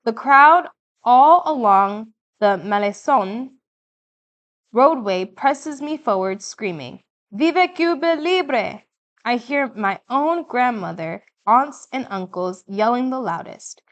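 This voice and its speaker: A woman narrating an audiobook in the first person, with measured, vivid storytelling. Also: a little high, lively intonation, fairly bright tone, highs cut off.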